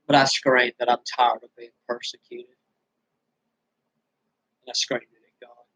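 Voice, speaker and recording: A man vents to his camera in a weary, bitter ramble, his throat dry from screaming. His delivery is flat and monotone, stumbling through restarts. The recording is dry and close, with no room sound. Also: medium pitch, unhurried, husky, dry recording, rough recording. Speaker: vlogger. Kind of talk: venting straight to camera.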